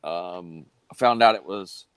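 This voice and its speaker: A man's voice: low-pitched, unhurried, fairly bright tone, smooth, no echo, low-quality recording. A man, telling a long story casually on a live stream with plenty of fillers and restarts. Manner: drawling, rambling with many fillers and restarts.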